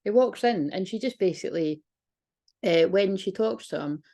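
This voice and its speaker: A woman's voice: mid-range voice, expressive, normal speed, warm tone. A woman talking as a spiritual reader in a casual, rambling monologue, frank and swearing freely.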